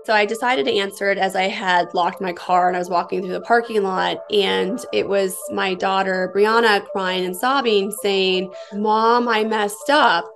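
A woman's voice: mid-range voice, steady tone, moderate pace, gravelly, hardly any pauses, over music. Middle-aged American woman recounting an ordeal. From United States. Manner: tense, vivid retelling. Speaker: interviewee. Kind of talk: personal account.

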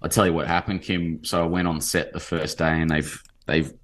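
A very low-pitched Australian man in his forties chats as an interview guest. He talks in an animated, rambling way, piling on fillers as he tells his stories. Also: moderate pace. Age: 40s. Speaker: novelist guest. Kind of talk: casual interview chat.

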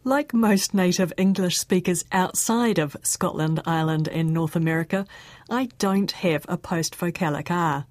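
A woman with a New Zealand accent, presenting a radio interview with clear, measured narration. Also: fairly low pitch, darkish tone, no echo, clean studio sound. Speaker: radio host.

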